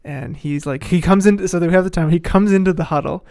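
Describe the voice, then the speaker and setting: A young man tells a story on a podcast, animated and laughing often as he acts out the quotes. His voice sits a little high. The sound is dry and close to the mic. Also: fairly quick, clean tone, no echo. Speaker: podcast host telling a story. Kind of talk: casual storytelling chat.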